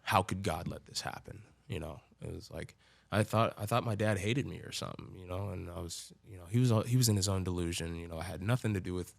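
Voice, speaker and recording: A man with a deep, gravelly voice tells his own story as a podcast guest. He talks loosely, swears freely and leans on filler words. The sound is close and dry. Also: fast, no room sound. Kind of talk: casual storytelling.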